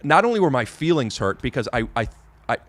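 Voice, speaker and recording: A man's voice: medium pitch, sing-song, a little fast, a bit bright, no echo. A man hosting a podcast in casual chat, talking in rambling bursts full of restarts and hesitations. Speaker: podcast host.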